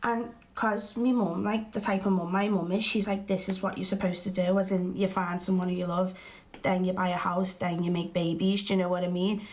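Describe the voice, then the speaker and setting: A woman's voice: on the low side, little pitch movement, a little fast, darkish tone, close to an everyday voice. An actress playing a blunt, strong-willed young woman who tells her story in chatty, colloquial speech for a verbatim theatre film. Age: young adult. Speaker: interviewee recalling her past.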